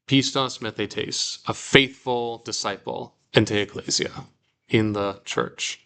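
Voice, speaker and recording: A man teaching a relaxed Bible Greek class, reading example sentences aloud and explaining them slowly with casual fillers. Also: lowish voice, clear, resonant tone.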